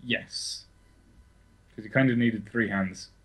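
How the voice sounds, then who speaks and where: A man's voice: on the low side, fairly even intonation, slow, a bit bright, slightly rough, rough recording. A young man co-hosting a podcast in casual, sweary, self-correcting chat. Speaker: podcast co-host.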